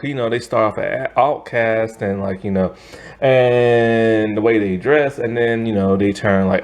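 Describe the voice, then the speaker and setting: A man's voice: mid-range voice, a little mellow. A man giving a casual, opinionated movie review, rambling with lots of "like" and "you know". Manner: chatty, rambling, heavy use of "like" and "you know"; emphatic, opinionated.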